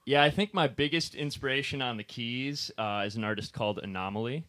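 A man's voice: medium pitch, a little fast, sharp tone. A man from Wisconsin, a band's keyboard player, chatting as a guest in a radio studio, out of breath and friendly. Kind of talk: casual radio interview.

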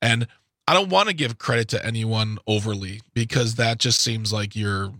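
A man with a bright voice co-hosts a talk radio show, giving his opinions emphatically and often restarting his sentences. The recording is dry and close. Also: on the low side, moderate pace, no room sound.

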